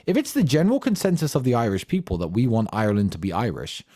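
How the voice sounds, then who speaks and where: A man's voice: mid-range voice, huge pitch swings, quick pace, a little mellow. Combative man with a swooping delivery. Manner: emphatic, combative, profane; rhetorical questions in bursts. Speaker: speaker answering audience questions. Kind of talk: impassioned monologue.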